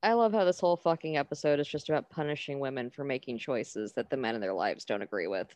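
A woman's voice: a bass voice, fast, a little mellow, no echo. A woman co-hosting a podcast, making sarcastic, casually sweary comments. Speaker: podcast co-host. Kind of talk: casual chat.

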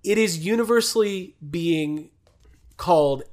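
A man's voice: sits high, measured pace, a crowd in the background. A man hosting a podcast in casual chat, joking and laughing as he talks. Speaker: podcast host.

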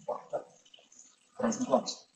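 A man lecturing insistently in a raised voice, recorded in a backyard by a home security camera. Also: drawn-out words. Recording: far-off home security camera with background noise.

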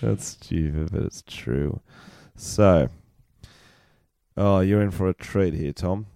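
A man co-hosting a podcast, animated and playful as he reads out odd news stories. His voice is low-pitched and smooth, clearly resonant. It is recorded close and dry. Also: takes it slowly, no echo. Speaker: podcast co-host. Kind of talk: casual banter and storytelling.

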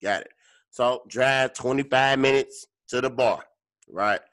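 A man co-hosting a podcast, telling a story in casual, profane chat and acting out his own reactions. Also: unhurried. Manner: animated, profane, acts out his own lines in a higher voice. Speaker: podcast co-host.

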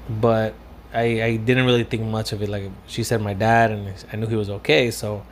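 A man's voice: lowish voice, flat delivery, moderate pace, a little hiss or hum. A young man telling a story in a casual, rambling way, full of fillers and swearing, slipping into Spanish phrases now and then. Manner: profane, rambling with many fillers.

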